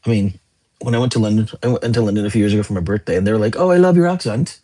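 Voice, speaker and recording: A man's voice: lowish voice, fairly even intonation, racing, mellow. A young man hosting a casual livestream, chatting and answering viewer comments in a rambling way. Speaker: livestream host. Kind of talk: casual live chat reading comments.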